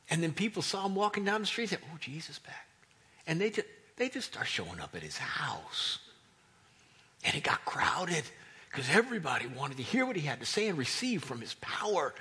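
A man's voice: mid-range voice, a bit bright, breathy edge. A man preaching a sermon, retelling a story and acting out the voices of the crowd. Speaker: pastor.

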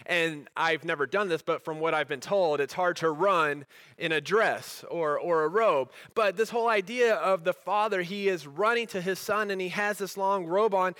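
A man preaching a sermon as a pastor, earnest, rising to emphatic peaks and dropping to soft, quiet lines. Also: high voice, normal speed, smooth, no echo.

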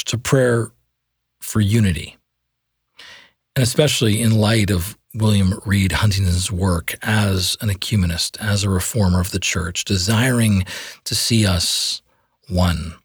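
A man who is a priest, with a Canadian accent, leading an evening prayer podcast in slow, measured, reverent recitation. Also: sits low, breathy edge, dry recording, studio quality. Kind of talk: liturgical prayer reading.

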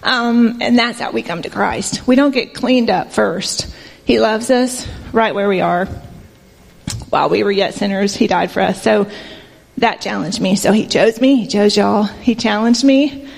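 A soft-spoken woman sharing an earnest, emotional personal testimony with a congregation. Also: mid-range voice, unhurried, vocal fry, long reverb tail. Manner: earnest, conversational, emotional storytelling with fillers. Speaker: church member sharing a mission trip testimony.

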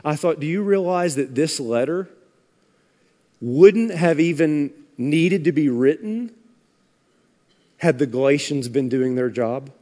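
A man preaching a sermon as pastor, emphatic and sarcastic, swinging from loud punches to hushed lines. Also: fairly high pitch, animated, slow pace, long pauses. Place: large church sanctuary. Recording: long hall reverb.

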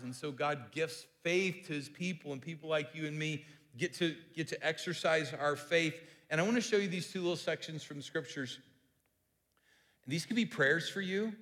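A man's voice: on the high side, fairly bright tone, long reverb tail. A man preaching a conversational sermon who often repeats himself and restarts phrases. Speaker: pastor.

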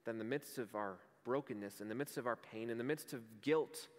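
A man's voice: mid-range voice, a little fast. Man preaching in a reverberant hall. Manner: earnest, conversational preaching with vivid stories. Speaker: pastor. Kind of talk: sermon.

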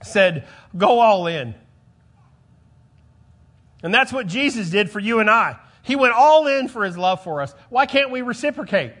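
A male pastor preaching a sermon, emphatic, repeating phrases and swinging between loud and soft. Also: high-pitched, expressive, unhurried.

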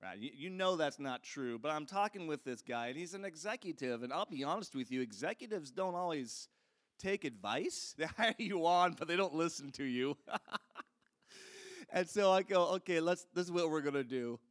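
A man's voice: a little high, expressive, moderate pace, a bit bright. A man preaching a sermon in a conversational, storytelling way, speaking straight to his listeners. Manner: earnest, conversational, addresses the audience directly.

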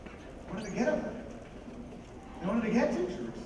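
A man preaching a sermon to a congregation in a conversational, animated way, often asking the listeners questions. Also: sits high, fairly quick. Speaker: pastor. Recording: echoey hall, voice from a distance, background noise.

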